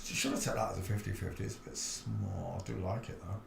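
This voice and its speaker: A man's voice: sits low, fairly even intonation, brisk, vocal fry, noisy background. Chatty man, roomy echo. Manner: chatty, rambling, blunt, laughs at his own jokes. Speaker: livestream host. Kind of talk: casual livestream commentary.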